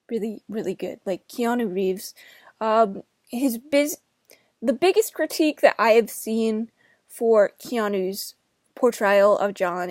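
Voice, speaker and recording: A woman's voice: mid-range voice, a little mellow, no echo, studio quality. A woman in her twenties from New Jersey, giving a casual, rambling film review with chatty asides.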